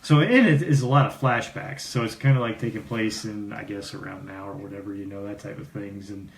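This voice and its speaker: A man co-hosting a podcast, explaining comics in a relaxed, meandering way. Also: fairly low pitch, fairly quick, far from the mic. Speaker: podcast co-host. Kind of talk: casual chat about comics. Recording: roomy room, faint noise.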